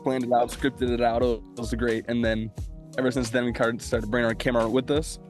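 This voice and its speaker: A man in his twenties from Minnesota, a guest on a podcast, tells his story in a relaxed, conversational way. His voice sits at a mid pitch, with faint music beneath. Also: a little fast. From Minnesota, USA. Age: 20s. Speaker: guest, video producer. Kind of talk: casual interview storytelling.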